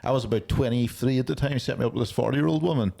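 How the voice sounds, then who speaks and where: A man's voice: mid-range voice, very fast, creaky, mellow. A man from Ireland co-hosting a podcast, telling rambling stories casually and laughing at his own jokes. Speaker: podcast co-host. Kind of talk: casual storytelling chat.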